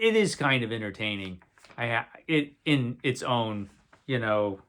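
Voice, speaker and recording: A man talking to camera about old movies in a loose, unscripted way. He wanders, restarts sentences and drops dry, wry asides. His voice sits at an ordinary middle pitch. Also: a bit bright. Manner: rambling, wry, self-correcting. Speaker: video host reviewing movies. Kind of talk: casual unscripted talk to camera.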